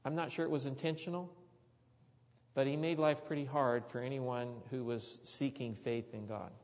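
An earnest man preaches, weaving a childhood story into his sermon with thoughtful pauses and restarts. His voice carries a long reverb from a large hall, and the recording is slightly dull and lo-fi. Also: medium pitch, darkish tone.

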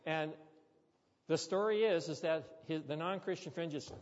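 A man's voice: a little high, normal speed. A man preaching a sermon, telling a story with chatty, joking asides to the congregation. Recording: dull sound with long hall reverb.

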